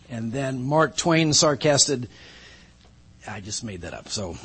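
A man preaching a sermon as pastor, measured with touches of dry humor, opening in prayer in a church. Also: medium pitch, very animated, bright, forceful tone, husky. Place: church sanctuary.

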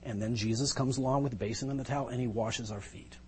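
A man's voice: medium pitch, fairly even intonation, fast talker, darkish tone, a little hiss or hum. A male pastor preaching a sermon, retelling a Bible story vividly and with emphasis, pulling listeners into the scene.

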